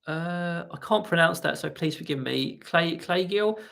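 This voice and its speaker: A man hosting a casual live stream about parrot training, chatty and rambling as he reads viewer comments and talks softly to his birds at home. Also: a little high, unhurried, creaky.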